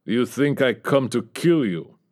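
Huge menacing old Russian spy voiced by a man, Russian accent, slow clipped broken English, audiobook figure. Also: medium pitch, animated, a little mellow, voice pushed up.

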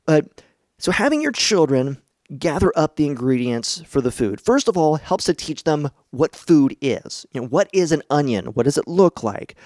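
Man, middle-aged, podcast host, chatty and encouraging, a bit high-pitched, dry close sound. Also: very animated, moderate pace, darkish tone, no room sound. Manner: chatty, encouraging, laughs often. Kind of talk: casual instructional podcast talk. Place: home basement.

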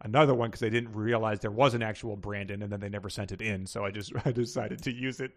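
This fast-talking man hosts a podcast, reading short stories and passages aloud with fairly even intonation. Between readings he chats casually and laughs frequently, and he pitches his voice up for the characters.

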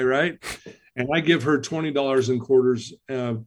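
A man's voice: medium pitch, fairly even intonation, normal speed. A man as a podcast guest, telling a personal story in an earnest, emotional way. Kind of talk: storytelling in an interview.

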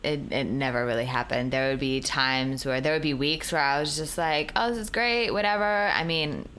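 A middle-aged woman with a New York accent and a low voice, chatting as a podcast guest. She tells her stories bluntly and animatedly, swearing freely as she goes. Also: normal speed. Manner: blunt, profane, animated storyteller. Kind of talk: casual interview chat.

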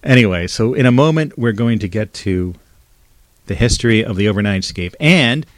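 Low-voiced man rambling in a dry room. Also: animated, normal speed, no echo. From New Jersey. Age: 50s. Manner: chatty, digressive, nostalgic. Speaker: podcast host. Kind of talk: rambling solo monologue. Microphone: condenser mic through a mixer.

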